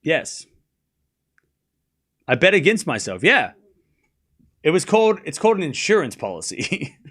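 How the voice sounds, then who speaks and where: A man's voice: fairly high pitch, sing-song, unhurried, fairly bright tone, husky. A man hosting a live stream, chatting casually, often laughing and joking sarcastically as he reads and answers his chat.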